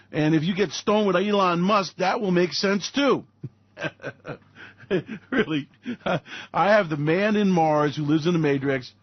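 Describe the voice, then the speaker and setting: A man's voice: sits high, slightly rough, no room sound, dull audio. A man hosting a radio show, rambling through satirical market commentary in a sarcastic way and slipping into mocking voices.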